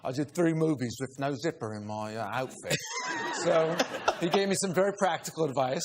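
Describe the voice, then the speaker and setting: A man as an interview guest, telling a casual anecdote with self-deprecating chuckles and halting restarts. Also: fairly high pitch. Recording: noisy broadcast clip.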